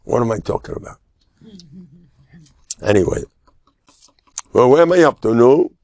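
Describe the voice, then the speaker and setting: An older man, a rabbi giving a humorous Torah lecture, joking and self-deprecating, now and then bursting into loud, emphatic cries. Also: medium pitch, lively intonation, normal speed, dry recording.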